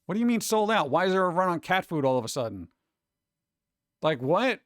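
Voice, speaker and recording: Man, live streamer, casual chat, sarcastic jokes, fairly high voice, dry close sound. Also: very animated, brisk, dry recording. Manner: rambling, joking, sarcastic.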